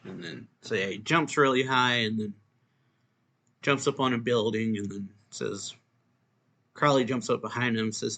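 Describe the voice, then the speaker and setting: Man, manga reviewer, bright tone, casual recap that reads out the dialogue. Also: lowish voice, moderate pace. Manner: reads character lines aloud in a lightly raised voice, with restarts and chuckles.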